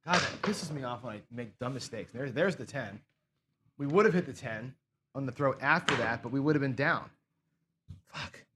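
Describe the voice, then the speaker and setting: A man's voice: mid-range voice, lively intonation, moderate pace. A man hosts a live craps game stream, talking loosely in a mid-range voice. He swears and scolds himself over his own slip-ups with frustrated self-deprecation. A faint hiss of noise sits under the recording. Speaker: craps show host. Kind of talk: live casual chat while playing.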